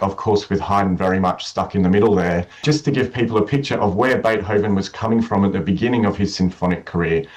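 A man in a radio interview, explaining his concert program with enthusiasm and many restarts, his voice rough from the morning. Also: lowish voice, low-quality recording. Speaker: conductor.

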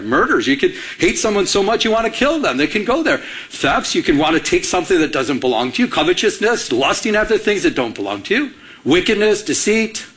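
A man preaching a sermon, telling a personal story and acting out the dialogue in it. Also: high-pitched. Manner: animated storyteller, acts out quoted dialogue. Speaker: pastor.

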